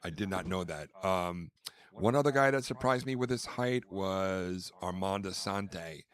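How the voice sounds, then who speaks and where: A man with a low-pitched voice takes his time hosting a podcast. He tells meandering stories casually, name-dropping along the way and acting out what people said.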